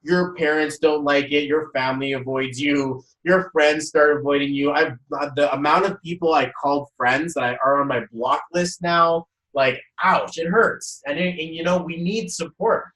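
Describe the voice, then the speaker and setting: A young man hosting a casual motivational live talk, energetic and rambling, often repeating words as he speaks at home. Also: a little high, normal speed, few pauses. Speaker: host. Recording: roomy echo, voice from a distance.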